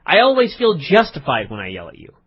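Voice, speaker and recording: Man, podcast co-host, slightly high, lively, teasing, mock-serious, lo-fi audio. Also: quick pace. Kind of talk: casual comedic chat.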